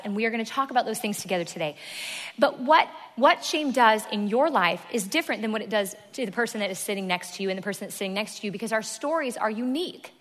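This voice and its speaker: A woman's voice: on the high side, sharp tone. A woman preacher delivering a sermon to a congregation, emphatic and repeating key phrases. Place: church hall. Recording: long reverb of a large room.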